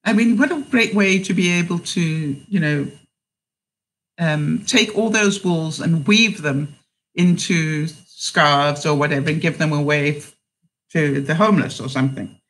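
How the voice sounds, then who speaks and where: A woman's voice: deep voice, unhurried, poor audio. A woman hosting a casual livestream, chatting in a rambling way, laughing often and reading out viewer comments.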